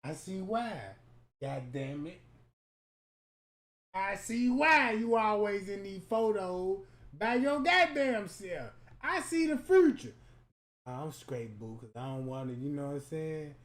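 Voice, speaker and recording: A man giving profane comedic roast commentary that is loud, crude and mocking, with sudden shouts. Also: high voice, very animated, takes it slowly. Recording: roomy echoey room.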